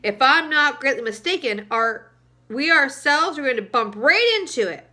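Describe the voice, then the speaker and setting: A cocky, sharp-tongued male centipede, read by a woman snaps out his lines briskly. The voice sits high and bright for a storybook read-aloud. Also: big pitch swings, full character voice. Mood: knowing.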